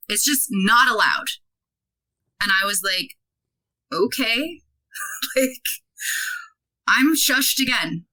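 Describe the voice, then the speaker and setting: A woman in her thirties, a podcast guest, telling a story in a casual, animated way, full of "like" and acted-out dialogue. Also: on the high side, rough recording. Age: 30s. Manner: animated, many "like" fillers, acts out quoted dialogue.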